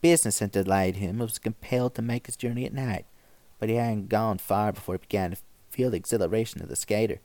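A man reading old stories aloud with measured, even narration. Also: fairly low pitch, no echo. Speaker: story reader.

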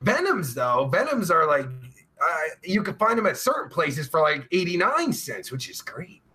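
A man talks casually on a live stream in a high, bouncy voice that swings all over. His tone is bright and sharp, and his talk is rambling and crude, heavy with filler words and swearing. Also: very animated. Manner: drawn-out groaning sighs of pleasure. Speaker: live-stream show host reading chat.

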